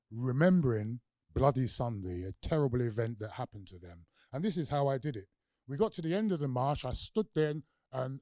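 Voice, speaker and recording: A man's voice: mid-range voice, dry recording, studio quality. A middle-aged man with a London accent giving a public lecture, telling stories with energy, acting out quoted voices and putting questions to the audience. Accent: London English. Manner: animated storyteller, acts out quoted voices, asks the audience questions. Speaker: guest lecturer.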